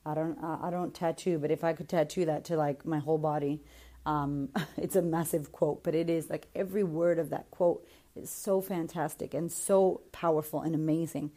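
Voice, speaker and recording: A woman's voice: low-pitched, steady tone, moderate pace, warm tone. A woman hosting a podcast, giving a blunt, casual motivational talk straight to the listener, swearing freely as she coaches. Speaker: podcast host and confidence coach.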